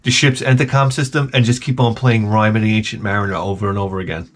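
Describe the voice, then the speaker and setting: A man's voice: on the low side, fairly even intonation, fast, few pauses. Rambling, profane comedic man. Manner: profane, joking, rambling tangents. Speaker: gaming channel host.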